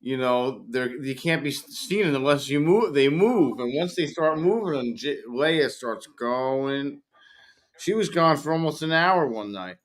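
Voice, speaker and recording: Guy on a voice chat rambling through a story, quick little asides. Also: a little high, animated. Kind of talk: casual group voice chat.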